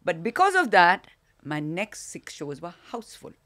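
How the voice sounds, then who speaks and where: A woman's voice: fairly low pitch, normal speed. An older woman with an Indian English accent, telling a theatre story as an interview guest, acting out the voices and laughing often. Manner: animated, acts out the voices in her anecdotes, laughs often.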